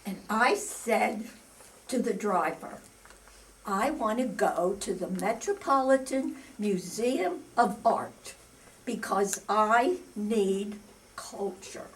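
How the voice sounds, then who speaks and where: A woman's voice: mid-range voice, expressive, slow pace, slight background noise. An older woman performing a comic stage monologue as a cranky, easily enraged bag lady who rambles indignantly with sudden outbursts. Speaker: amateur stage actor. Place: community stage before an audience. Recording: distant stage recording.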